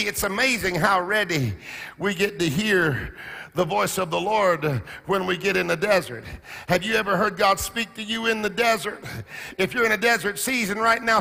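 High, gravelly impassioned male preacher. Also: big-room sound. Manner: impassioned, call-and-response preaching with shouts and sung phrases. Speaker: pastor. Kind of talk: sermon. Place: church.

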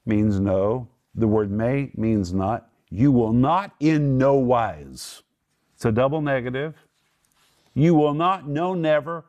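A man teaches scripture with real emphasis. His voice climbs sharply whenever he quotes a line, and he slows down to stretch out the words he wants to land. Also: medium pitch, a little mellow. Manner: draws out key words slowly. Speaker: Bible teacher. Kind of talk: Bible teaching.

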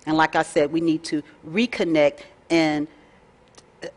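A woman, teaching a faith lesson in a folksy, chatty way with lively asides. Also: low voice, a little slow. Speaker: Bible study teacher. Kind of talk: casual teaching talk.

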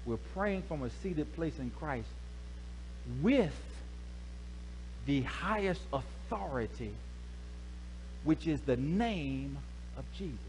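A male pastor preaching a lively sermon, calling out to the congregation with casual slang. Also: on the high side, slow pace, pauses often. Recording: echoey hall, faint hum.

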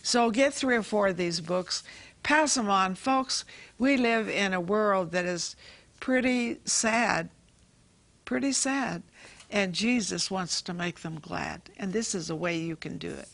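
A woman's voice: medium pitch, a little slow, a bit bright, no room sound. A woman hosting a Christian talk show, earnestly urging viewers to pray and read.

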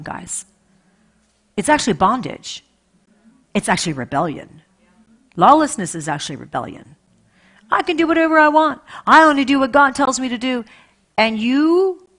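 A woman pastor preaching a sermon with passion, repeating phrases and swinging between loud emphasis and hushed asides. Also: mid-range voice.

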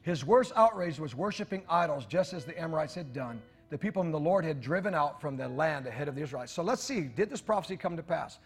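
A man's voice: a little high, expressive, fast, hardly any pauses, breathy edge, faint music behind. A man preaching a sermon in church, reading scripture aloud with joking asides to the congregation. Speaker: pastor.

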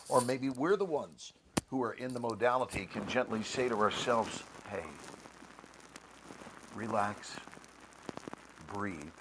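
A man, an actor and guest, speaking in a measured, deliberate way on a panel talk, with expressive shifts in inflection. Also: medium pitch, slight background noise.

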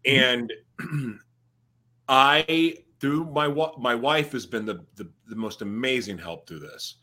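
A man speaking candidly and haltingly in a casual conversation about his personal recovery. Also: mid-range voice, sharp tone.

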